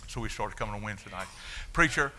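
An older man preaching his testimony in a folksy, animated storytelling way. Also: fairly low pitch, fast. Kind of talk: sermon testimony.

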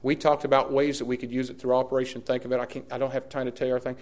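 A man, a pastor preaching a sermon and telling a story with lively, emphatic repetition. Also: medium pitch, very fast.

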